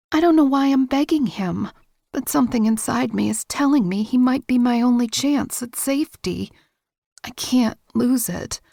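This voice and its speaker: A woman narrating a romance audiobook in first person, with a steady, intimate, measured reading. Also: fairly high pitch, vocal fry, no echo, studio quality.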